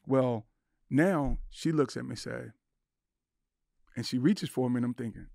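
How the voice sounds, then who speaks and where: A man's voice: medium pitch, unhurried, gravelly, warm tone, no echo, studio quality. A middle-aged man, a podcast guest, telling an emotional personal story with intensity, acting out the voices in his head. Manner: intense, acts out inner voices and quotes.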